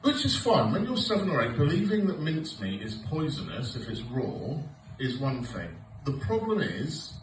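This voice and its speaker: A man's voice: medium pitch, sing-song, normal speed, few pauses, distant mic, slight background noise. A man, performing a sweary, sarcastic stand-up comedy set. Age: 40s. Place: comedy club stage with audience laughter. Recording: roomy live club recording from afar.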